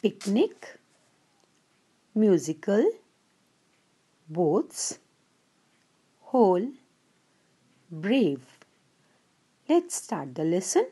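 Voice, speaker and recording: Woman, children's teacher, slow, lively pitch, mellow, slightly breathy. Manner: slow, clear, patient, addresses children fondly. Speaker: English teacher. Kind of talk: online English lesson for young children.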